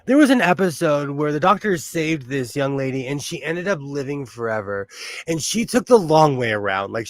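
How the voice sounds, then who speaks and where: A man's voice: fairly high pitch, no room sound. A man hosting a casual sewing livestream, chatting, laughing often and reading viewer comments aloud. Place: home sewing room.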